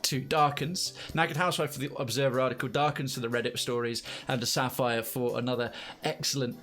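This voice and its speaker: A male streamer reading viewer stories aloud and chatting between them, rambling and correcting himself as he goes. His pitch sits in a middle range, with faint music playing softly behind him. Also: steady tone, brisk. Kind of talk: live story reading and chat.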